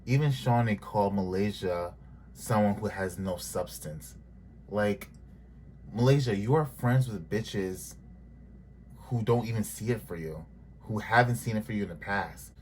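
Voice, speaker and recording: Male reviewer, lowish voice, sassy and blunt, casual vlog recap. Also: measured pace, darkish tone, a little hiss or hum. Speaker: TV show reviewer.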